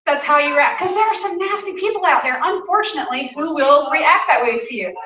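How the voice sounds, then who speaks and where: A woman's voice: high-pitched, lively intonation, a little fast, background noise. A chatty Southern US woman with a Southern accent, coaching a small group in a casual training talk and laughing often. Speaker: sales trainer. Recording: roomy, distant, dull.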